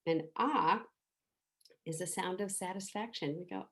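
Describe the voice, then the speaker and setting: A middle-aged woman teaching a meditation softly and without hurry, guiding listeners to make the sounds along with her. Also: sits low, normal speed. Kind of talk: gentle spoken meditation teaching.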